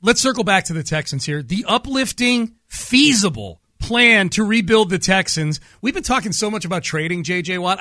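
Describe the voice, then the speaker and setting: An upbeat male sports radio host who leans into storytelling and slows down for emphasis. His voice sits high and bright for a man, and it is heard close and dry in the studio. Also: no room sound. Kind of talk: casual sports radio talk. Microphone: studio microphone.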